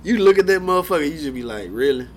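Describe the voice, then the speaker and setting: A man's voice: high voice, animated, racing, slight background noise. A young man co-hosting a casual chat, laid-back, swearing freely and acting out groggy mornings. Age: young adult. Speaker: podcast co-host.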